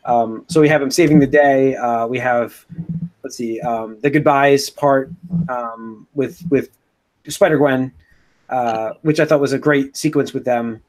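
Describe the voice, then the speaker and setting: A man hosting a podcast, recapping a movie in a rambling, casual way with many pauses and restarts. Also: medium pitch, steady tone, a little mellow. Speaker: podcast host.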